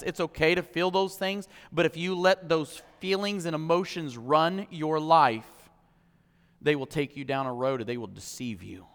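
A man preaching a sermon as pastor, impassioned, swinging from loud declarations to hushed, personal moments. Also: a little high, clean tone. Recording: long hall reverb.

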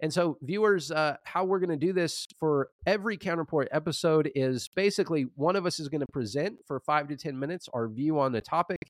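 A man co-hosting a scholarly debate show, presenting his position in a measured way with frequent restarts. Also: fairly high pitch, no room sound. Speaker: co-host, Old Testament scholar.

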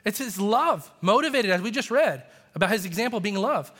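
A man preaching a sermon as pastor, passionate and animated, with rising emphasis. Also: high voice, a little fast. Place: church sanctuary. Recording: long hall reverb.

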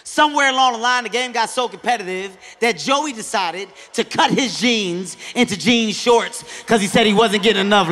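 A man doing stand-up comedy, telling stories in a loud, animated, profane way and acting out other characters. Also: high voice, in a large hall, slight background noise. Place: stage before a live audience.

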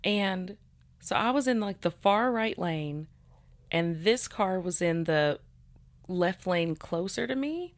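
A woman's voice: fairly low pitch, expressive, slow, no room sound. A woman co-hosting a podcast, chatting casually and rambling a little as she tells her own story, laughing easily. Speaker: podcast co-host. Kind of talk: casual chat.

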